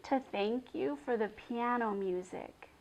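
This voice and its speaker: A woman's voice: fairly high pitch, takes it slowly, a little mellow, low-quality recording. A woman voicing an upset young girl who scolds in a fierce whisper and then speaks in a shaky voice. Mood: shaky, sad.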